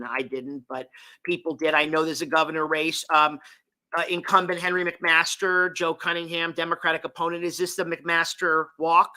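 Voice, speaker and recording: Bright-voiced male talk show host. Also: on the high side.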